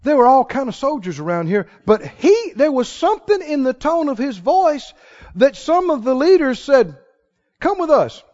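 A man preaching a sermon, telling a Bible story with lively, acted-out dialogue. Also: extremely high pitch, moderate pace. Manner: animated storytelling, acting out the people in the tale. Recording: reverberant hall, somewhat dull sound.

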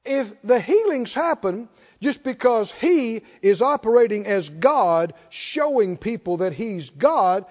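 A man preaches in a very high voice that swings widely up and down, with rhetorical questions thrown out to the congregation. The recording sounds dull and lo-fi. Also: lively intonation, takes it slowly, few pauses, a little mellow, long reverb tail. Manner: rhetorical, asks the congregation to respond. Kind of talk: sermon.

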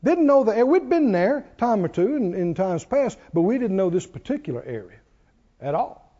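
A man's voice: high voice, sing-song, normal speed, warm tone, muffled recording. A man preaching a sermon as pastor, calling out to his congregation for responses.

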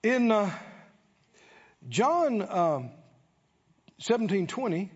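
A high-pitched man delivers a sermon at an unhurried pace, his voice rising and falling widely. He exhorts the listeners, fires rhetorical questions at them and slips into prayer. The recording is muffled and lo-fi, with a long echo from a big hall. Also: big pitch swings, breathy edge. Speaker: preacher. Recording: dull lo-fi audio with long reverb.

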